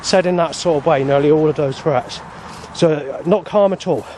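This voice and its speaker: A man's voice: on the high side, moderate pace, darkish tone, a little hiss or hum. A man, rambling in an aggrieved personal monologue, swearing often and restarting his sentences. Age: 40s. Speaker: vlogger.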